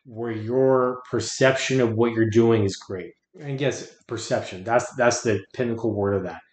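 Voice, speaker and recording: A man's voice: medium pitch, normal speed, a little mellow. A man talking as a podcast guest, earnest and reflective, often restarting his words. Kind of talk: casual conversation. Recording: roomy echo.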